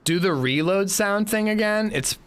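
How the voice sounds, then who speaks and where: A man's voice: high-pitched, animated, moderate pace, fairly bright tone, a little hiss or hum. A man streaming a game, chatting casually and rambling in a self-mocking way. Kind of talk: casual chat while gaming.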